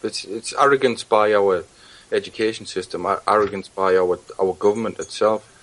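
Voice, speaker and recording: A man who is a guest on a talk show, speaking earnestly and haltingly, with frequent restarts. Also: fairly low pitch, fairly even intonation, rough recording.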